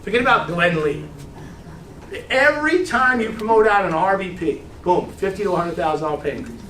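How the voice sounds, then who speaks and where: A man giving a casual, animated business training talk to a group, blunt and swearing freely, often checking in with "right?". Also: high voice, brisk, a little hiss or hum. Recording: echoey room, mic far off.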